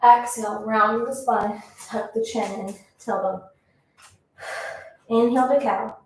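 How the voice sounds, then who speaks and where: A woman's voice: on the high side, steady tone, a little slow, slight background noise. A woman teaching a pilates class, counting reps and giving encouraging cues, a little out of breath. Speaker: pilates instructor. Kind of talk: workout instruction. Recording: echoey room, mic at a distance.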